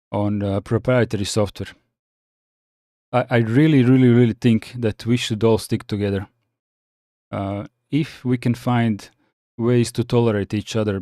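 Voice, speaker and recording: A man's voice: mid-range voice, warm tone, no room sound, clean studio sound. A man from the Balkans hosting a casual live chat, reading viewer comments and answering with many restarts and fillers. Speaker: livestream host reading chat.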